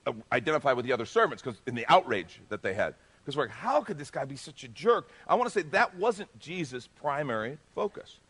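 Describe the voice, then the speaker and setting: Animated preacher man with a higher voice. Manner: animated and emphatic, swinging between loud bursts and hushed asides. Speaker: pastor. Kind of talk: sermon.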